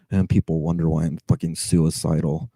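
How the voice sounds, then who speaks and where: A man's voice: low voice, dark tone, no echo, poor audio. A man who drives for a rideshare service, telling a story to camera in an agitated, stammering way, sighing and swearing, on edge.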